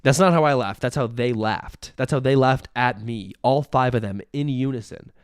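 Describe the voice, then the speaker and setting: Smooth-voiced rambling comic man. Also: mid-range voice, normal speed, no room sound, clean studio sound. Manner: rambling, self-pitying, breaks into laughter. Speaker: comedian. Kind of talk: deadpan comic monologue.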